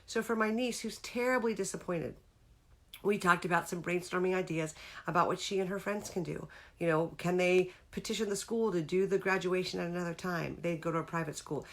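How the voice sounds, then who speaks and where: A woman's voice: on the low side, steady tone, fairly quick. A middle-aged woman hosting a casual live-streamed talk about feelings, speaking earnestly and breaking off to greet viewers by name. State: tearful near the end.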